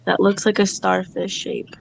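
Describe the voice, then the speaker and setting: A woman's voice: medium pitch, flat delivery, a little slow, creaky, a little hiss or hum. Playful woman chatting on a stream. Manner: playful, laughs a lot, reads chat comments aloud. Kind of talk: casual live-stream chat.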